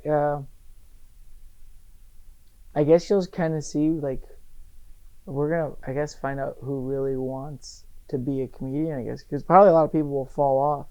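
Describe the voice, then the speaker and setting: A young adult male comedian chatting casually on a podcast, dry and deadpan with sarcastic asides. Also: a little high, moderate pace, dull audio.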